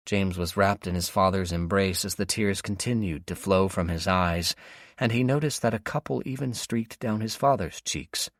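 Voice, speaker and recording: A man narrating a zombie survival audiobook in a steady, measured way. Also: sits low, no room sound, clean studio sound. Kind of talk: scripted narration.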